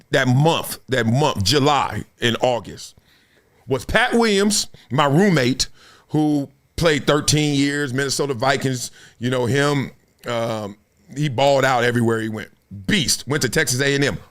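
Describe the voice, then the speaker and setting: A man in his fifties hosts a casual sports talk show, speaking at a measured pace in a medium-pitched voice. He's slangy and laughs often, an animated storyteller who acts out stories and quotes as he goes.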